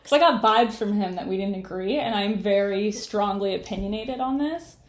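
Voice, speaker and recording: A podcast co-host in her late twenties animatedly retells a bad date in a casual chat, acting out both sides of the conversation. Her voice is mid-range at a moderate pace, recorded in an echoey room with slight background noise.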